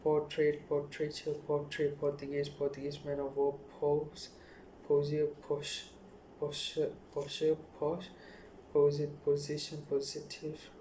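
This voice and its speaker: A man reading dictionary headwords aloud one after another in a rapid, monotone list. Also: fairly high pitch, a little hiss or hum. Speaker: youtuber.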